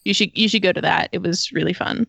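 A woman's voice: fairly low pitch, fast talker, gravelly, a bit bright, slightly rough, dry recording. A woman in casual podcast chat, enthusiastic and rambling, full of "like" and "um.". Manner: enthusiastic, rambling with many likes.

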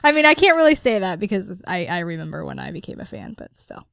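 A woman's voice: fairly low pitch, sing-song, quick pace, vocal fry, a bit bright, no echo. A woman co-hosting a podcast, chatty and giggly with lots of fillers. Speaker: podcast co-host. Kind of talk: casual podcast chat.

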